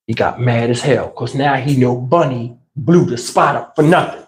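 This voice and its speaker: A man's voice: mid-range voice, moderate pace, few pauses, roomy sound, rough recording. A man telling a comic family story on a livestream, slangy and profane. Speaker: livestream host.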